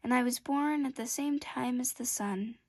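A woman's voice: sits high, normal speed, no room sound, clean studio sound. A woman voicing a vain, delicate female flower who talks sweetly and fussily. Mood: coy. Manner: sweet, coy and affected.

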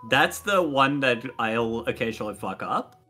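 A man's voice: medium pitch, animated, moderate pace, pushed and bright, soft background music. A man with a faint Swedish accent, Swedish being his first language, chatting animatedly and laughing on a game stream. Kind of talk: casual game stream chat.

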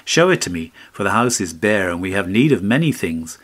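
A man's voice: low-pitched, very animated, a little fast, a bit bright, exaggerated voice. Man doing a fretful woodcutter's wife. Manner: raised, complaining pleading.

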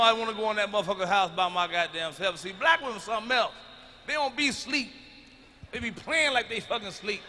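Loud, profane middle-aged male comedian. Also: high-pitched, fast, a little hiss or hum. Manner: loud, profane storytelling that swings into shouting. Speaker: stand-up comedian. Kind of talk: stand-up routine. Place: large arena stage. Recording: live concert recording with long hall reverb.

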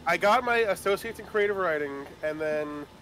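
Animated young man rambling a story. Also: high-pitched, normal speed, a little hiss or hum. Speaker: player telling a story. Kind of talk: casual chat among friends.

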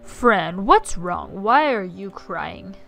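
A woman voicing a gentle, kindly male creature, speaking softly and comfortingly. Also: mid-range voice, sing-song, slow pace, creaky, faint music behind, exaggerated voice.

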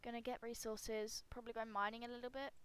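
A young woman with a slightly hoarse voice talking casually over her gameplay at home, rambling and self-mocking, with sudden loud squeals. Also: fairly high pitch, flat delivery, fast, a little hiss or hum. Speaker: gaming YouTuber.

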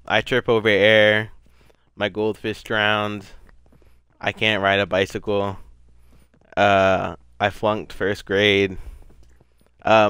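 A man's voice: on the low side, a bit bright, smooth, no echo. A young man giving casual, rambling gameplay commentary, self-deprecating and given to sudden frustrated outbursts. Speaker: gaming YouTuber.

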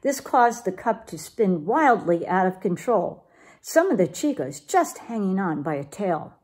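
A woman reads a children's storybook aloud with a lively, expressive lilt. Her pitch moves a lot. Her voice has a light husk. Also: a little slow, breathy edge. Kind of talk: reading a picture book aloud.

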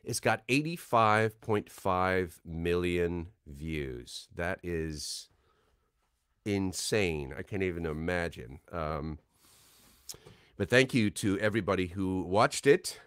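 A man with a somewhat low, smooth and resonant voice hosts a relaxed livestream. He talks loosely and chattily, with many ums and uhs, reading out viewer names and comments. The sound is dry and close. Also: slow pace, no room sound. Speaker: voice actor hosting a livestream signing. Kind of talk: casual livestream chat.

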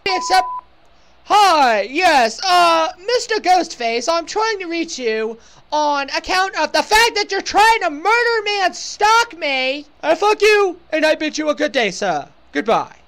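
A mock-posh British caller with a sarcastically courteous air and a high voice, as a woman puts her on. She speaks with theatrical politeness into a phone. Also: sing-song, measured pace, fairly bright tone, full character voice. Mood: mock polite. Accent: put-on British.

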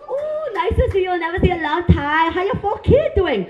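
A woman's voice: very high-pitched, big pitch swings, normal speed, roomy sound, dull audio, some chatter behind, slight background noise, pitched above the performer's own voice. A woman voicing a pushy, chatty nail salon lady with a Vietnamese accent, speaking broken English in a sing-song way. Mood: pushy cheerful. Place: comedy club stage.

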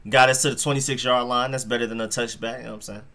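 A man hosting a live football reaction stream, talking straight to his chat in an excitable, slangy way. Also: mid-range voice, rapid-fire.

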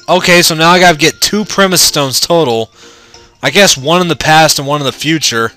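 A man's voice: on the high side, a little fast, pushed and bright, faint music behind. A man giving casual, rambling, profane commentary while playing through a video game. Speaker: let's play gamer.

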